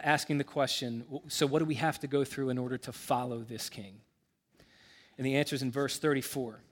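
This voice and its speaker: A man pastor preaching a sermon in a church, earnest and building to raised intensity on key points, with casual asides full of restarts and fillers. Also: medium pitch.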